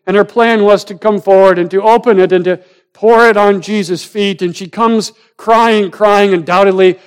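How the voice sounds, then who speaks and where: A man preaching a sermon, swinging from loud, rising emphasis down to hushed, almost whispered lines. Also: sits high, clear, resonant tone. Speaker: pastor.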